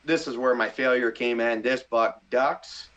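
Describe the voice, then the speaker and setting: With a medium pitch and a slightly slow delivery, a middle-aged man tells a story as a podcast guest in casual chat. He's animated and excitable, playing out his inner voice, and the audio is lo-fi.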